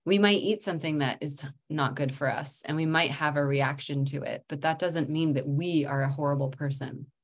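Low-voiced mother talking calmly. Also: normal speed, few pauses. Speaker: guest, somatic practitioner. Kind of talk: casual podcast interview.

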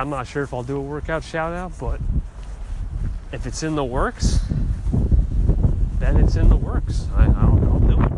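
A man hosting a call-in chat, answering callers in a rambling, encouraging way. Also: medium pitch. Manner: laid-back, rambling, encouraging. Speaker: host. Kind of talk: casual call-in reply. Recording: noisy background.

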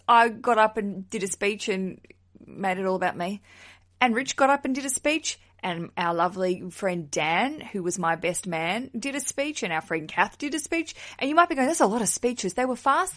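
A woman hosts her own podcast in a relaxed, chatty solo format. She is blunt and outspoken, drops swear words freely and laughs as she goes. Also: medium pitch, normal speed. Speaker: wedding podcast host. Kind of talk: casual solo podcast chat.

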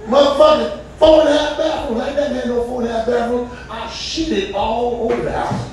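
A male stand-up comedian telling a loud, profane story with bursts of shouting. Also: very high voice, steady tone, a little fast. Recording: echoey room, distant mic.

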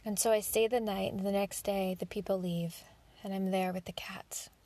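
A woman's voice: mid-range voice, steady tone, moderate pace, dark tone. A woman hosting a podcast, telling a personal story in a candid monologue, swearing freely and acting out her own inner thoughts. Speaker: podcast host.

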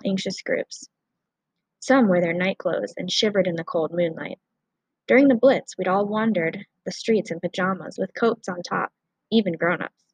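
A woman's voice: mid-range voice, slightly rough, no echo, rough recording. A woman narrating a first-person children's story in an audiobook.

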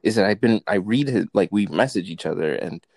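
A man's voice: on the low side, animated, a little fast, a little mellow, dry recording. A man talking as a guest on a podcast in casual, rambling chat, full of "like" and "bro" and swearing. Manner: rambling, laid-back, swears, says like and bro.

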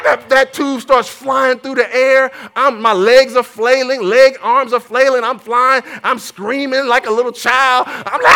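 A man preaching a sermon, telling a story with lively energy and calling on the congregation for amens. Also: very high voice, moderate pace, few pauses, raised voice, a little hiss or hum. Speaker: pastor.

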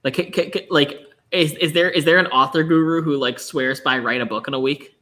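A man's voice: fairly high pitch, brisk, bright, forceful tone. A man co-hosting a casual podcast, easygoing and joking, sometimes stumbling over his words. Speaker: co-host.

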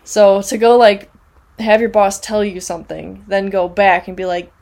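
A woman chatting casually as a podcast co-host, retelling scenes with animated energy. She slips into short quoted voices as she describes what happened. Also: mid-range voice, normal speed, vocal fry. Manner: animated storytelling, acts out quotes. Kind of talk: casual chat.

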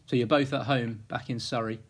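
A man's voice: mid-range voice, steady tone, fairly quick, slightly rough. A male host running a casual interview, friendly and teasing, with lots of fillers. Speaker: podcast host.

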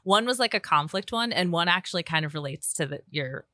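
A young woman, a therapist, chatting candidly and laughing at herself. Her voice sits a little low but sounds bright and crisp. It is recorded dry and close, with no room sound. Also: lively intonation, brisk, dry recording. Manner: chatty, self-deprecating, many fillers and restarts. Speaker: therapist, podcast guest. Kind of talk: candid casual conversation.

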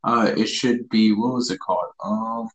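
Husky young man rambling on podcast. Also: lowish voice, steady tone, moderate pace, poor audio. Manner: rambling, hesitant, many fillers and restarts. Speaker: podcast co-host. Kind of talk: casual chat.

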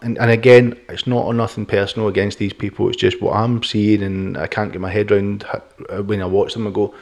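A man's voice: on the low side, flat delivery, brisk, a little mellow. A middle-aged man hosting a podcast, talking bluntly and opinionatedly, swearing and laughing often. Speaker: podcast host. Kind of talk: casual podcast chat.

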